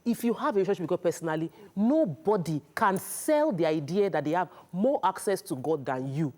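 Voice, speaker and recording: A woman's voice: fairly low pitch, animated, a little fast, dark tone. A woman on a TV talk show panel, speaking firmly and preachily. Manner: firm, preachy tone.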